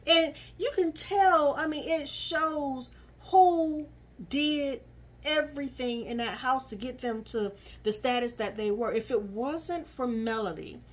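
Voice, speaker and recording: A woman with a slightly high, husky voice recaps a reality show in casual commentary. She is sassy and animated, and she scolds the people on screen as she goes. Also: slow pace.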